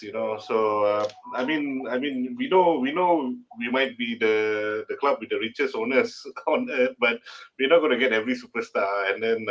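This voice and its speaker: A man as a podcast guest, answering about his club in a measured, hesitant way. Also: medium pitch, lo-fi sound. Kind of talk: casual football chat.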